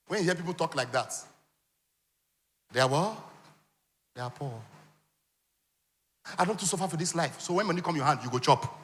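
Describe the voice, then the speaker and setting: A Nigerian-accented man teaches a conference crowd, throwing questions out and waiting for the answer, with playful jabs along the way. His voice is bright and forceful, pitched a little high. It rings with the long reverb of a big hall. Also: moderate pace, long pauses. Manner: animated, quizzes the audience with call-and-response questions; teasing, humorous asides. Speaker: conference speaker teaching on wealth. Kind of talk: interactive teaching talk with slides.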